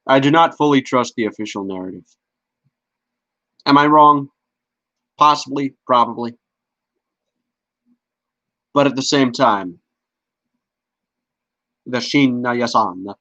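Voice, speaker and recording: A man's voice: mid-range voice, slow, long pauses, fairly bright tone, dry recording. A man hosting a casual podcast, talking bluntly with swearing and stammered restarts. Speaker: podcast host. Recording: dull lo-fi audio.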